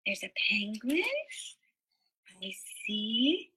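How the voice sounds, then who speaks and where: A woman's voice: mid-range voice, animated, very slow, sharp tone, husky, low-quality recording. A woman, a parent, reading a picture book to a young child in a sing-song, coaxing way, drawing out her words.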